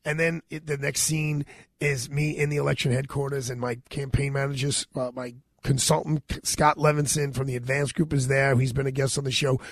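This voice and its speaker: Gravelly-voiced New man, 50s. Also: medium pitch, a little fast, no echo. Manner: animated, retells dialogue in his own voice. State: sore throat. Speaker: radio show host. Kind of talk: personal storytelling monologue.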